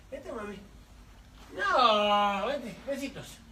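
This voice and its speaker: A woman's voice: on the high side, very animated, takes it slowly, long pauses, sharp tone, far from the mic, a little hiss or hum. A woman with a Mexican Spanish accent talking baby talk to her pet cat in a cooing, sing-song way, with bits of playful scolding. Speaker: pet owner.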